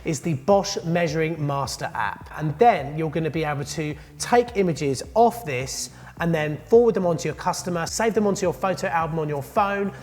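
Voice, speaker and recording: A man's voice: on the high side, moderate pace, darkish tone, big-room sound. A man, a plumber, presenting a jokey, upbeat tool review vlog from his studio. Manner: upbeat and jokey, chatty asides. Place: indoor studio.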